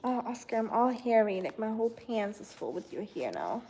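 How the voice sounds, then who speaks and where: Woman in her thirties, livestream host, casual rambling chat, mellow higher voice. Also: big pitch swings, normal speed, a little hiss or hum. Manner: chatty, rambling, with frequent fillers. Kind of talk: casual chat reading viewer comments.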